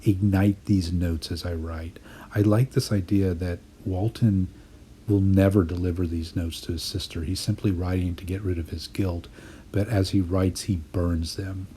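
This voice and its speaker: A man with a very low, mellow voice talks through a poetry lesson in a voice-over. He explains his work in a thoughtful, measured way, like a writing teacher walking a class through drafts. A faint hiss of noise sits under his voice. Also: steady tone.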